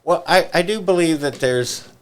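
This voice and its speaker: A man co-hosting a church podcast, explaining ideas in a measured, thoughtful way. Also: a little high, a bit bright. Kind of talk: casual podcast discussion.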